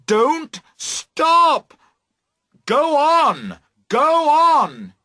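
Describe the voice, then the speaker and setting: A man voicing an exasperated young man who shouts insistently from a boat in a storybook reading. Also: very high-pitched, wildly swooping pitch, very slow, voice pushed up, full character voice. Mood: shouting insistent.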